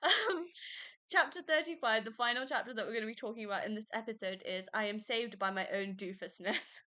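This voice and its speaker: Bright, gushing young woman. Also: mid-range voice. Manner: gushing, excitable, many fillers and laughs. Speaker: podcast host. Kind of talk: casual book review chat.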